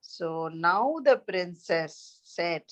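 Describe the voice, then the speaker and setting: A woman's voice: on the low side, lively intonation, very slow. A woman telling a children's story in a chatty way, asking her listeners questions. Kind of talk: reading a children's story aloud. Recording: dull lo-fi recording.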